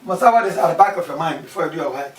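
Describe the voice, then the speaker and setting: Rapid-fire and expressive, a man with a slightly high voice teaches a maths lesson, repeating key terms and asking questions aloud. The recording comes from far off in an echoey room, with faint background noise.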